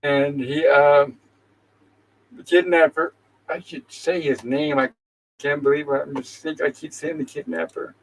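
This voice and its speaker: A man's voice: a little high, steady tone, measured pace, rough recording. A man hosting a casual show, retelling an episode's scenes in an easygoing way and reading characters' lines aloud. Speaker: host.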